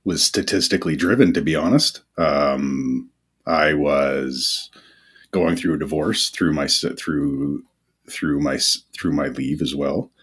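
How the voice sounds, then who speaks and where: A man talking as a podcast guest in a candid, halting way, with many pauses and fillers. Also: very deep voice, a bit bright, breathy edge. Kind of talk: casual podcast interview.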